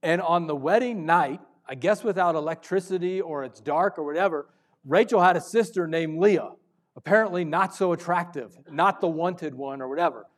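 A male pastor preaching a sermon, moving between loud urgent stretches and hushed, intimate ones. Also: a little high, normal speed.

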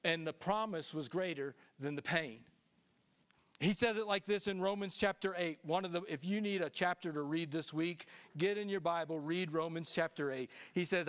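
A middle-aged man preaching a sermon as pastor, animated and swinging between hushed lines and shouts. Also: sits high, normal speed, clear, resonant tone.

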